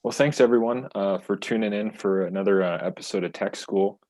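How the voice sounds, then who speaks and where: A man hosting an online show over a video call, introducing a guest in a relaxed, filler-heavy way. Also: lowish voice, fairly quick. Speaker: host.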